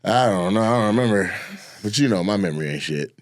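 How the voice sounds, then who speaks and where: Animated man telling a crude story. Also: fairly low pitch, fast talker. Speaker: comedian podcast co-host. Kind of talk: casual chat, storytelling.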